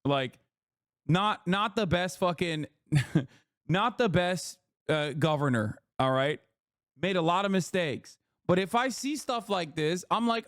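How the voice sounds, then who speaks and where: A man's voice: high voice, animated, measured pace, fairly bright tone, dry recording, studio quality. A man giving heated, scornful reaction commentary on a video, swearing often.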